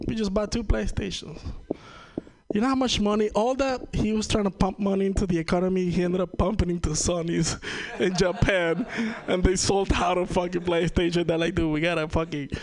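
A young man with a Venezuelan Spanish accent works through a loose, profane stand-up set, cracking himself up as he goes. His voice sits high and carries a gravelly rasp. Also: flat delivery, moderate pace. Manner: rambling, profane, laughs at own jokes. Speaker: stand-up comedian. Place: comedy show stage.

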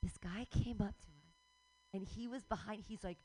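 A woman's voice: medium pitch, moderate pace, slightly rough, rough recording. A woman in her forties hosting a radio show, ranting casually with swearing and frequent laughs. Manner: animated, swearing, laughs often.

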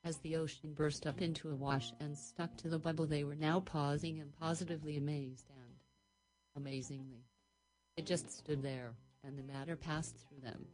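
A woman tells an improvised story on the radio, her voice pitched low. She rambles dreamily from one long sentence into the next. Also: steady tone, moderate pace, rough recording.

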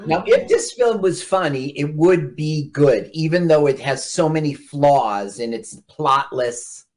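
A man's voice: fairly high pitch, expressive, measured pace, darkish tone. A man co-hosting a casual radio podcast, recapping a movie's plot and acting out its lines. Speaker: podcast co-host. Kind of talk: casual film-review chat.

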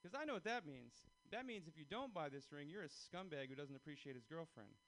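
A man's voice: fairly high pitch, expressive, a little fast, a bit bright, poor audio. A young man performing a stand-up comedy set, talking animatedly and acting out other people's lines.

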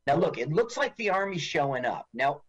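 A man's voice: fairly high pitch, fairly quick, slightly rough, rough recording. A man co-hosting a podcast, chatting casually and jokingly while watching a movie together. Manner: animated, jokey, mimics lines in silly voices. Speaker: podcast co-host.

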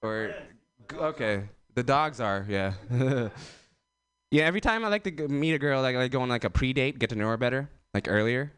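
A man's voice: medium pitch, animated, fairly quick, a bit bright, clean tone, dry recording. A young man doing an open-mic stand-up set, rambling with lots of fillers and chuckling at his own jokes. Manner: loose, rambling delivery with many fillers and self-laughs. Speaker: stand-up comedian.

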